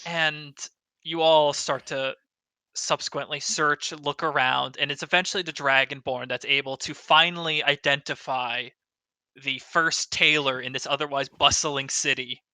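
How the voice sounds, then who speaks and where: A man running a tabletop game, describing scenes in an easy, laughing way. His voice is very bright and sits a little high. The sound is dry and close, as on a video call. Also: steady tone, measured pace, clear, resonant tone, dry recording. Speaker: game master.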